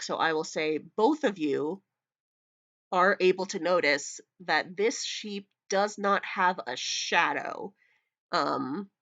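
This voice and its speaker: A woman narrating a tabletop game as game master, hesitant, with many ums and pauses. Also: on the low side, fairly bright tone. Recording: muffled lo-fi voice chat audio.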